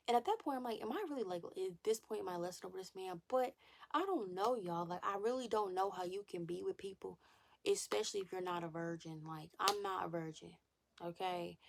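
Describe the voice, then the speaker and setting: A woman's voice: mid-range voice, creaky. A young woman vlogger talking candidly and animatedly about faith and desire, repeating phrases and sometimes dropping to a whisper. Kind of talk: candid casual chat to camera.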